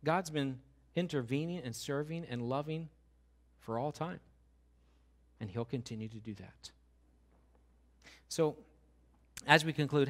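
A man's voice: mid-range voice, measured pace, long pauses, fairly bright tone. Male pastor, mid-range voice, preaching with emphasis, repeats lines and asks the congregation questions. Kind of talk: sermon.

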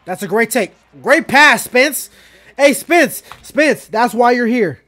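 A man hosting a live basketball reaction, talking to the players on screen and swinging from loud excitement to muttered asides. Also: extremely high pitch, slow. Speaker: sports reaction host. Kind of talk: live game reaction commentary.

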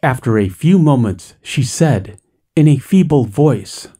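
Male narrator, ghost story reading, measured and dramatic, dark mellow voice, mid pitch. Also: animated, slightly rough. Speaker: story reader.

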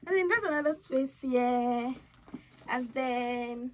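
A young woman talking casually at home in a haul vlog, gushing and squealing with excitement over her purchases. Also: sits high, slow, background noise. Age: young adult. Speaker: vlogger.

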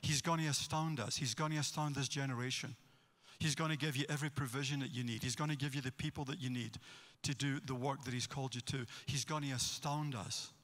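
A man with a Scottish accent, a pastor preaching a sermon and telling stories with animated energy. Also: medium pitch, a little fast. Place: church hall. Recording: long hall reverb.

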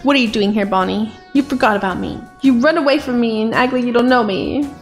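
A woman giving playful gameplay commentary in an excitable way, often gasping and giggling. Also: a little high, fast talker, soft background music. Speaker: gaming video creator.

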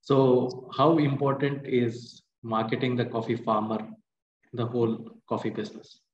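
An interviewer asking a halting question with fillers. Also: medium pitch, fairly even intonation, darkish tone, slight background noise. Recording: roomy, dull sound.

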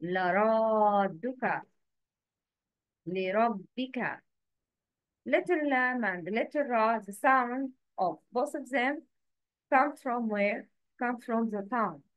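A woman teaching letter pronunciation in a slow, patient lesson, repeating each word for the learner to echo. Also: on the high side, muffled recording.

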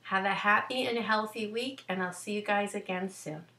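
A woman's voice: mid-range voice, moderate pace, bright, forceful tone, recorded from a distance. A woman hosting a wellness vlog, giving an emphatic, coaching talk straight to her viewers. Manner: emphatic, coaching, direct address. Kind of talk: motivational talk to camera. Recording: echoey room.

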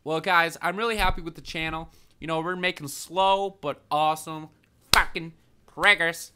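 A young man with a bright, forceful voice that sits a bit high for a guy. He rambles in a loose, crude vlog chat, cracking jokes at his own expense. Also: fairly even intonation, normal speed, clear, resonant tone. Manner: crude, joking, self-mocking. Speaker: YouTuber.

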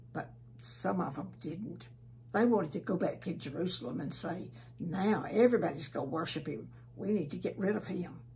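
A woman telling a Bible story to small children as a Sunday school teacher. Her voice has a gravelly, creaky edge. She tells it gently and often sinks to a soft hush. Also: medium pitch.

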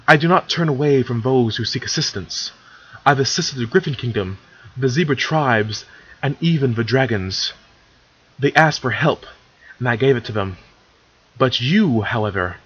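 A man voicing an elder female pony ruler in a measured, formal and stern way, in a slightly low husky voice. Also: fairly bright tone. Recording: dull lo-fi recording.

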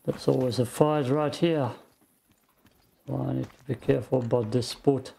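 A man giving calm, slow gameplay commentary, thinking out loud, with a gravelly morning voice. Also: mid-range voice, a little hiss or hum. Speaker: game streamer.

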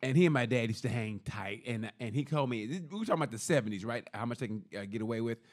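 A man with a voice of middle pitch, co-hosting a comedy podcast. He tells his anecdotes casually and plays out each person's part as quoted dialogue. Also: fast. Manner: acts out both sides of a story in quoted dialogue. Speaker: podcast co-host.

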